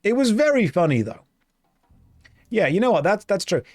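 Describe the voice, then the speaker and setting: An English man rambles and jokes as he plays an online game, thinking aloud between moves. His voice sits a little high for a man. The sound is close and dry. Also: big pitch swings, moderate pace, darkish tone, dry recording, faint music behind. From England. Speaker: streamer playing an online game. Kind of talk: casual gameplay chat.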